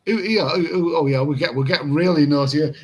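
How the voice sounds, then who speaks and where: Man, livestream host, husky voice, slightly high pitch, rambling casual chat. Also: fast talker, darkish tone, poor audio. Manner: rambling, repeats himself, chuckles at chat comments. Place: room in Pattaya at night.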